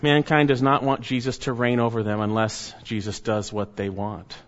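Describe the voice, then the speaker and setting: A man preaching a sermon, pressing each phrase slowly and letting it sink to a hush at the end. His voice rings with a long hall echo, and the recording sounds dull and lo-fi. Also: mid-range voice, level tone. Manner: slow, emphatic preaching that drops quiet at phrase ends.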